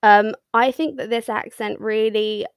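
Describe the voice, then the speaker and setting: A woman co-hosting a casual podcast chat, with dry, deadpan humour and frequent ums. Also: on the high side, measured pace, clean tone, no echo. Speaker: podcast co-host.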